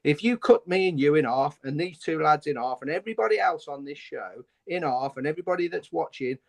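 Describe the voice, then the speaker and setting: A man's voice: fairly high pitch, lively intonation, a little fast, gravelly. A man on a fan phone-in show, speaking in an impassioned, ranting way in heated debate. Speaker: fan panelist.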